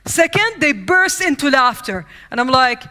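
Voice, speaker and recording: Woman keynote speaker from the Middle East, high bright voice, lively storyteller acting out scenes. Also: moderate pace. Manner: lively, acts out scenes and quotes. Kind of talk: humorous storytelling speech. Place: conference stage.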